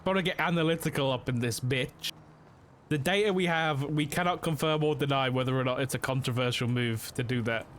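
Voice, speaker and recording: A man's voice: mid-range voice, brisk, a bit bright. Young male streamer, casual roleplay-cop chatter, loose and rambling, faint hiss under the voice. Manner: rambling, filler-heavy, with frequent "like". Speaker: streamer playing a police officer in a roleplay game.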